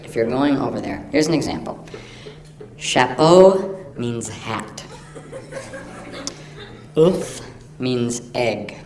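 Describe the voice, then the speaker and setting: Animated male stand-up comic, live and echoey. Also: medium pitch, slow, pauses often. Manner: mock-earnest, rambling, with sudden loud silly outbursts. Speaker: stand-up comedian. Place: live comedy venue with audience. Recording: echoey live recording from a distance with audience noise.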